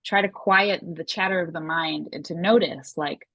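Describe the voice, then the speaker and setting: A woman guest on a podcast, calmly and thoughtfully explaining her ideas. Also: lowish voice, normal speed, no echo. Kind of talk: casual interview chat.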